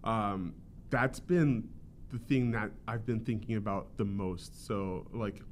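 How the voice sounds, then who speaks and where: Man, young adult, lowish voice, rambling casual chat, slight background rumble. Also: slow. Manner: rambling, lots of fillers and restarts. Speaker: podcast host and author, guest.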